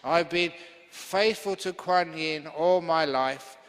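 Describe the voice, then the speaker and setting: A devout old priest, stubborn to the point of shouting, as a man acts him out in a raised, strained voice. Long hall reverb trails behind every word. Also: on the high side, slow pace, pitched above the performer's own voice. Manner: insistent, defiant, shouting in the end.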